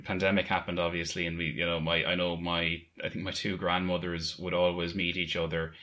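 A young man talks fast and eagerly in a casual podcast chat, quoting favourite lines in little character voices. His voice sits low. The tone is bright and forceful. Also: level tone. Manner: enthusiastic, quotes lines in character voices, laughs often. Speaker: podcast co-host.

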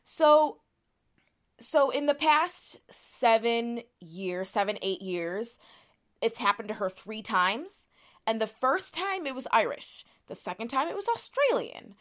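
A woman's voice: on the high side, big pitch swings, slow, fairly bright tone. Chatty woman podcast co-host. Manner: chatty, many fillers and restarts, explains a case step by step. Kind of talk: casual conversational explaining.

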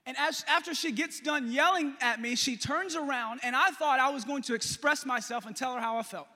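High, bright-voiced young pastor preaching. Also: male voice, brisk. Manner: animated, jokey, talks to the congregation. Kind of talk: storytelling sermon. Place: church. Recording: long hall reverb.

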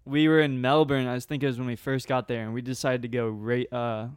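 A young American man, a podcast host, telling a story in an animated, slangy way and laughing often. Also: medium pitch, fast, smooth, no echo, studio quality. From United States. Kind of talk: casual storytelling chat.

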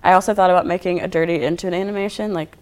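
A man's voice: high voice, steady tone, racing, a little mellow, clear, resonant tone. A young man, a guest artist, chatting casually on a podcast, laid-back and rambling with lots of fillers. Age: young adult. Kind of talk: casual chat.

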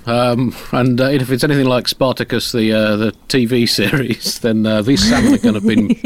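A man hosts a comedy news podcast and talks about the news in a wry, playful way. He often stalls on fillers before he lands the joke, and his voice sits at a middle pitch for a man. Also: expressive, normal speed, no echo. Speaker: host.

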